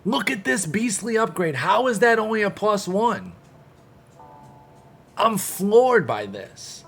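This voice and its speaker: A man's voice: sits high, big pitch swings, slow, gravelly, a bit bright, breathy edge, faint music behind. A young man streaming, ranting casually to his chat, heated and rambling with many restarts. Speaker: gaming streamer. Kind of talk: casual commentary to live chat.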